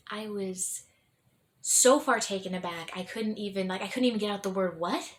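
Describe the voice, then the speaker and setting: Speaking at a normal speed in a medium-pitched voice, a young adult woman recounts her own story. She's candid and rambling, often starting her sentences over and letting out soft laughs.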